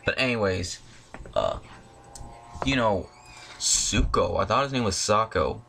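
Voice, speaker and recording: A young man delivers a heated movie rant from his home. His voice is bright and sharp, and his pitch jumps widely. He swears often and sounds openly irritated. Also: big pitch swings, a little slow, creaky, slight background noise. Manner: irritated, profane, exclamatory. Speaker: video channel host. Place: at home, in front of a disc collection.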